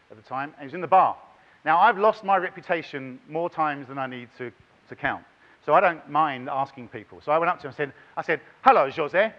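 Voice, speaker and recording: A middle-aged man giving a lively, chatty conference talk and directing the audience. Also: a little high, lo-fi sound. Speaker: conference plenary speaker. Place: large conference hall.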